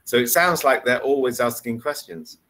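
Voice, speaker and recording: A man's voice: medium pitch, normal speed, bright, forceful tone, low-quality recording. A man tutoring English one-on-one over a video call, explaining patiently with repeated examples. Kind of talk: one-on-one online English lesson.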